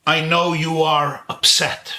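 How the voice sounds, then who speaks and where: A man from Brooklyn quoting a wise rabbi in a slow, measured, persuasive way during a lecture. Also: a little high, flat delivery, pushed and bright, exaggerated voice. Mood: counseling. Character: calm, wise elderly male rabbi giving counsel.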